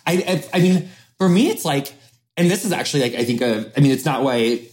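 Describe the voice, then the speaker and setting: A man's voice: on the high side, lively intonation, a little fast, darkish tone, slight background noise. A man hosting a podcast in casual conversation, rambling and emphatic, swearing often. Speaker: podcast host.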